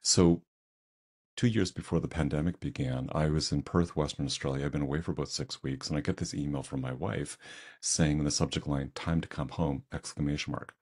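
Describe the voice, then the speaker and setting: Very deep-voiced older Canadian man. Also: fairly even intonation, a little fast, a little mellow. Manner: conversational, self-deprecating storyteller. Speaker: webinar presenter. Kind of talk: storytelling presentation.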